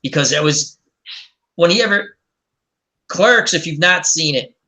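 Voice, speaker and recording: Man, chat show host, casual, rambling, restarts a lot, very animated, bright tone. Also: fairly high pitch, measured pace. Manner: enthusiastic, rambling with many restarts.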